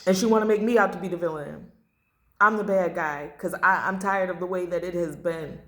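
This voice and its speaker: A woman's voice: on the low side, a little fast, a bit bright. A woman doing a blunt, emotional tarot reading to camera, repeating phrases and swearing. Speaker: tarot reader. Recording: echoey room.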